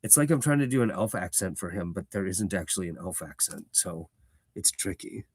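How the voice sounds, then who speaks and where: Relaxed man chatting between read passages. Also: low-pitched, brisk, breathy edge, dry recording. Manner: relaxed, conversational, self-deprecating. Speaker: audiobook reader. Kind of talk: casual asides while reading aloud.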